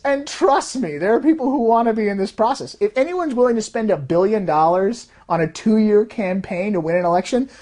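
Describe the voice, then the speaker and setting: A woman who designs fraud detection systems explains in an animated way and acts out quoted voices as she goes. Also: medium pitch. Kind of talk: explanatory talk.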